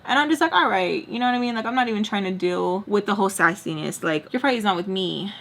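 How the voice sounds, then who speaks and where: A woman's voice: mid-range voice, animated, fast, fairly bright tone. A young woman telling a casual storytime, chatty and full of "like", acting out her own thoughts. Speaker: storytime vlogger.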